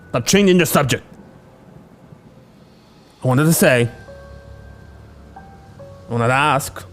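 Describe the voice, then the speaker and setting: A man voicing a goofy, defensive middle-aged dad who blusters and jokes at his kids. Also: mid-range voice. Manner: blustering, joking, exaggerated.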